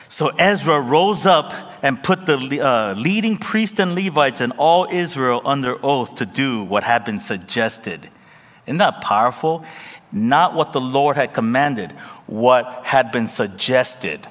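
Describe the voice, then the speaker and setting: A man preaching a sermon as pastor, moving between quiet prayer and lively, joking Bible teaching. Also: mid-range voice, takes it slowly. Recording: long hall reverb.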